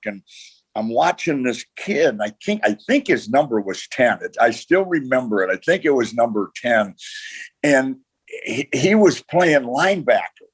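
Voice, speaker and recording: An older man, a retired football coach, tells stories from his career as a podcast guest. He rambles, pausing on "uh" and restarting his sentences as memories come back. His voice sits in an ordinary middle pitch. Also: breathy edge. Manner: rambling anecdotes, many "uh" and restarts. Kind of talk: storytelling in a podcast interview.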